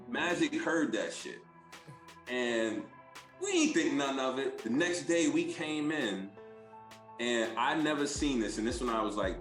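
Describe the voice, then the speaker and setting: A man's voice: mid-range voice, expressive, measured pace, a bit bright, soft background music. A man, a former pro athlete, telling a loose, profane, laughing story on a podcast. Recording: roomy echoey room.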